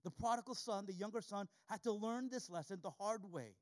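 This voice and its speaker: A man's voice: high-pitched, brisk, a little mellow. A man preaching a sermon, reading scripture aloud and repeating key lines for emphasis. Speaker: pastor.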